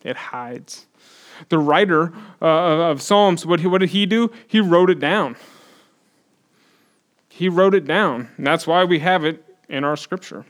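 A man preaching a sermon in a conversational style, with frequent restarts, building to loud emphatic stretches. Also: on the high side, a little slow. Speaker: pastor.

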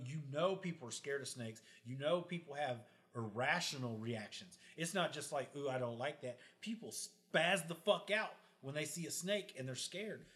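A man's voice: a little high, a bit bright. A man in casual podcast chat, telling blunt, profane stories about snakes and people.

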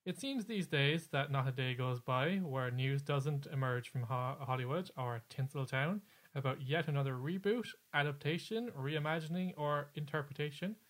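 A man's voice: fairly high pitch, normal speed, fairly bright tone. Rambling male podcast co-host. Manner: rambling, with many fillers and restarts. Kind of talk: casual podcast chat.

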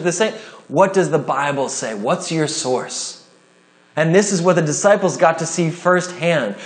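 A man preaching a sermon in an earnest, conversational way, with quick rises and drops in his delivery. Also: high voice. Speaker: pastor.

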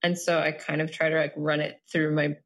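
A woman's voice: deep voice, flat delivery, brisk. A woman chatting casually, rambling along with many "like" fillers. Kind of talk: casual chat.

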